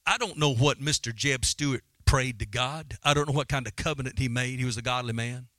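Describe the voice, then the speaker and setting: A man's voice: mid-range voice, fairly even intonation, a little fast, pushed and bright, dry recording. A man preaching a sermon in a fervent, dramatic style. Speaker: pastor.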